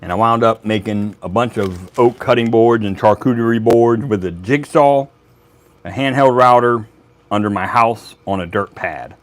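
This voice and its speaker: A man's voice: fairly low pitch, normal speed. A man hosting a woodworking channel, chatting casually to a live audience in a laid-back, rambling way. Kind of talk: casual livestream chat.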